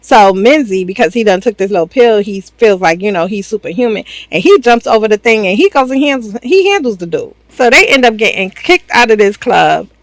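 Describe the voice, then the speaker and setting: A woman's voice: mid-range voice, lively intonation, a little fast, few pauses, no echo, rough recording. A woman giving a chatty, slangy, casual recap of a reality show, laughing often. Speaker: reaction channel host.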